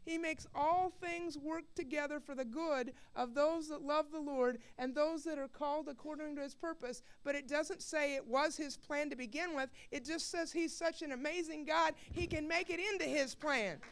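A woman from Missouri giving an emotional personal testimony, earnest and building to loud, impassioned preaching, often repeating words. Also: sits high, normal speed, few pauses.

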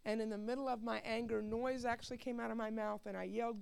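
A woman from Missouri giving an emotional personal testimony, earnest and building to loud, impassioned preaching, often repeating words. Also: a little high, level tone, fast, gravelly, few pauses, smooth.

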